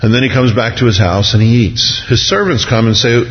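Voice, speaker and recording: A man's voice: a little fast, hardly any pauses. A man preaching a sermon, reading scripture aloud and then explaining it, acting out the voices of the people in the story. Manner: reads scripture then expounds, acting out voices with rising pitch. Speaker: pastor. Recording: dull, lo-fi sound with long hall reverb.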